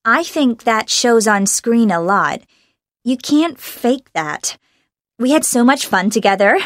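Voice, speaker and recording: A young American actress from Los Angeles answers interview questions in a bubbly way, laughing often. Her voice is medium-pitched, and the studio-quality recording has no echo.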